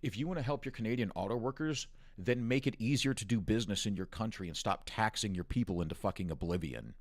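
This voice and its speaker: Guy from the us ranting on his stream, low voice, swears nonstop, dry sound. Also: lively intonation, quick pace, no echo. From United States. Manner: angry, profane, mocking rant. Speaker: news commentary host. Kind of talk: ranting political commentary stream.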